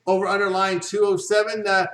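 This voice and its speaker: A man's voice: high-pitched, little pitch movement, a little fast, a bit bright. A man hosting a sports betting show, casually reading out the odds and asking for picks. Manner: casual, reads odds off the card. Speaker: show host. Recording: roomy and distant from the mic.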